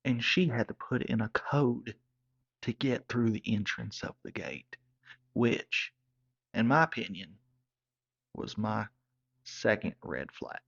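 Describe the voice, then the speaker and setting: A man telling a comic story in a folksy, deadpan manner. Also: fairly low pitch, slow pace, gravelly, pauses often. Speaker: comedic storyteller. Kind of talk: comedic character monologue. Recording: slightly dull lo-fi sound.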